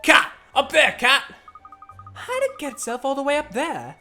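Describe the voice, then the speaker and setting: A man's voice: very high voice, huge pitch swings, moderate pace, pushed and bright, faint music behind, voice pushed up, full character voice. A man voicing a cheerful young woman detective in a raised, eager voice.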